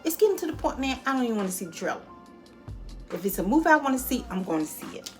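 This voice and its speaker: Woman chatting about a movie at home, expressive and talky, faint music in the back. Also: fairly high pitch, racing. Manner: chatty and expressive, addresses viewers as honey and y'all. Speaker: movie reviewer. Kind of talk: casual spoken movie review. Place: at home near her dishes.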